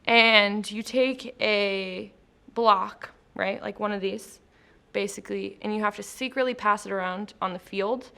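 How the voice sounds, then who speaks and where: This interview guest, a post-production traffic manager, speaks in a mid-range voice that is unhurried, fairly even, sharp in tone and marked by vocal fry, with slight background noise. Sitting in a company studio, she chats, laughs readily, leans on filler words and describes her work between easygoing questions.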